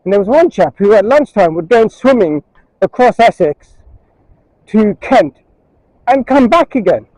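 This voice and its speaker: A man's voice: sits high, lively intonation, normal speed, long pauses, dark tone, no room sound, poor audio. A man vlogging as he walks outdoors on a beach, making casual, musing remarks picked up by a chest-mounted action camera's built-in mic. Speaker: travel vlogger. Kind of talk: casual walking commentary. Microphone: chest-strapped action camera internal mic in a waterproof case.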